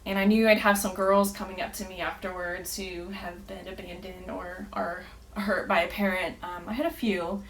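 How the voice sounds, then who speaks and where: A woman's voice: fairly low pitch, level tone, moderate pace, slight background noise, rough recording. A woman guest on a podcast, telling her story earnestly with many fillers and frequent laughter. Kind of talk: casual storytelling.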